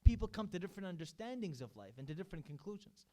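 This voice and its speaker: A man's voice: high voice, big pitch swings, rapid-fire, warm tone. A man giving a sermon at a religious gathering, earnestly recounting stories with quoted speech. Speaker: majlis speaker. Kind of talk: sermon storytelling. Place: religious center hall.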